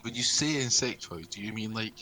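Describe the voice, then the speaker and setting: A man playing a tabletop game, asking the game master relaxed questions. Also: fairly low pitch, a little fast, rough recording. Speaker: player. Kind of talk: casual tabletop play.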